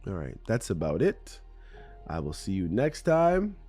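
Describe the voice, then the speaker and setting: A man's voice: deep voice, huge pitch swings, unhurried, warm tone, slightly rough, faint music behind. A man hosting a solo podcast, talking in a rambling, conversational and self-deprecating way in his morning voice. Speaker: podcast host.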